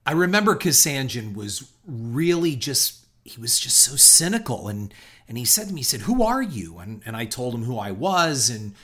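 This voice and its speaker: A man's voice: medium pitch, sing-song, moderate pace, sharp tone. A middle-aged man hosting a podcast, telling a long personal story in a reflective, rambling way with frequent restarts. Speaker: podcast host.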